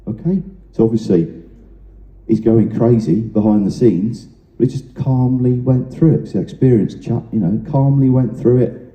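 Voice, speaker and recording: Male presenter, lowish mellow voice, informal anecdotal trainer, roomy lo-fi sound. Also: animated, normal speed. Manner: chatty, anecdotal, direct to the audience. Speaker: presenter giving a talk. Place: room with an audience.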